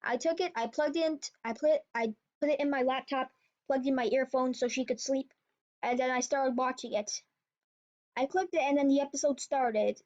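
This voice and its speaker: A woman's voice: high-pitched, normal speed, a little mellow. A woman retelling a creepypasta in a casual, rambling way, often correcting herself. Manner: rambling, with restarts and self-corrections. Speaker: storyteller. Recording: dull lo-fi recording.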